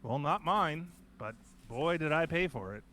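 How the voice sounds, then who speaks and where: Lively, animated man hosting a chatty podcast. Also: on the high side, measured pace, slight background noise. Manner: animated, rambling storytelling with many restarts. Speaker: host. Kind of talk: casual podcast chat.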